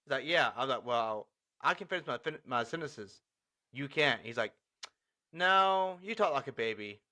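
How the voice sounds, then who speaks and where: Animated bright-voiced man telling stories. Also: mid-range voice, normal speed. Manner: animated, laughing, acts out dialogue. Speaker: podcast co-host. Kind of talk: casual storytelling chat.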